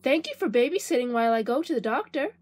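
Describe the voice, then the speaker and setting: A woman voicing a friendly, calm young mother in a storybook reading. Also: high-pitched, fast talker, slightly rough.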